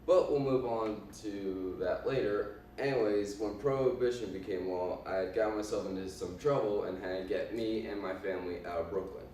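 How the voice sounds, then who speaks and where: A cocky 1920s gangster boss tells his tale in a low voice with a put-on Italian accent, as a man performs him for a class. He speaks haltingly, with many ums and uhs. The sound is very echoey and comes from a distance off the mic. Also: darkish tone, a little hiss or hum, close to an everyday voice. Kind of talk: in-character class presentation. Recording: echoey room from far off.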